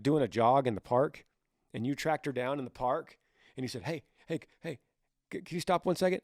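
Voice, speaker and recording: Man, middle-aged, podcast host, casual advice chat, animated, acts out dialogue, middle pitch, dry close mic. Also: dry recording. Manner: animated, acts out both sides of conversations.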